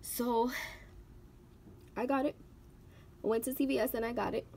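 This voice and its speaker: Animated young woman telling a personal story. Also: a little high, normal speed, a little hiss or hum. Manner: animated, filler-heavy, acts out quotes. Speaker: vlogger.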